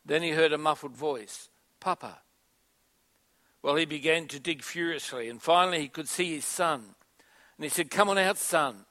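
Male pastor, higher voice, storytelling sermon with emphatic call-and-response. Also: fairly quick, sharp tone.

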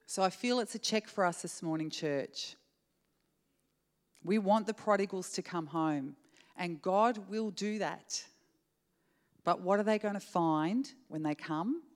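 A woman's voice: medium pitch, unhurried, long pauses, long reverb tail. A woman preacher giving an earnest, conversational sermon and prayer to her church, speaking directly to the congregation. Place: church hall.

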